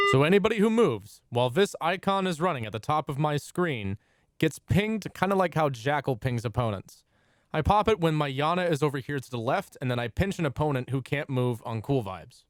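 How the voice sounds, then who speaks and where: Young man narrating a dry, jokey game guide. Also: fairly high pitch. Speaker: gaming YouTuber.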